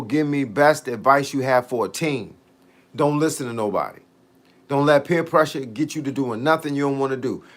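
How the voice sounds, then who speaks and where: A middle-aged man with a medium-pitched, slightly bright voice reads and answers comments during a fitness livestream. The talk is casual and slangy, laid-back, with plenty of drawn-out tangents.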